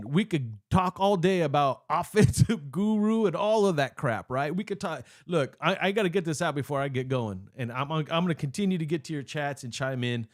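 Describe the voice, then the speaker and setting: A young man with a slightly high voice goes off in a heated live-stream rant about his team. He rambles, trips over his own words and restarts sentences, sounding worked up all the way through. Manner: heated, rambling, self-interrupting. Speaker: sports fan channel host.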